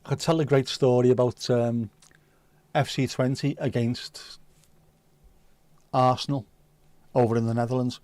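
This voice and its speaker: A man in his fifties hosts a relaxed livestream, chatting with viewers and spinning comic stories. His voice sits at an ordinary middle pitch, and the sound is dry and close, with no room around it. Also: measured pace, long pauses, no room sound. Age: 50s. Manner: chatty, swearing, comic storyteller. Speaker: livestream host. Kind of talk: casual chat reading viewer comments.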